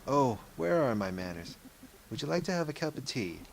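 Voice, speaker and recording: A man's voice: medium pitch, sing-song, moderate pace, creaky, slight background noise, pitched above the performer's own voice. A man voicing a polite, sorrowful elderly widow in a pleading, apologetic manner. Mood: gentle.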